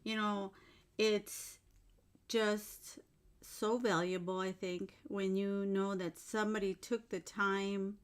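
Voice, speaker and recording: Slow-talking gushing woman vlogger. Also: mid-range voice, level tone, smooth. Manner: gushing, effusive, exclaims often. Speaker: jewelry-making vlogger. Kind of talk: casual unboxing chat to viewers. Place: home bedroom used as filming room.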